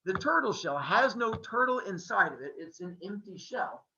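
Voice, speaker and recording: A man's voice: high voice, very animated, normal speed, echoey room, distant mic, highs cut off, background noise. A man hosting a podcast, retelling a myth in a casual, jokey way with playful sound effects. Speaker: podcast host. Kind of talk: comedic mythology storytelling.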